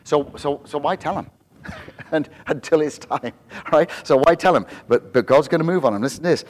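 A man preaching a sermon, swinging between quiet asides and loud, high, emphatic peaks. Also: brisk, long reverb tail. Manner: animated, rising to emphatic high-pitched peaks. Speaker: pastor.

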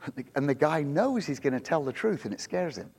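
A middle-aged male pastor preaching a sermon in church, telling the story with lively acted-out quotes and frequent restarts. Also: a little high, fairly quick, husky. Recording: long hall reverb.

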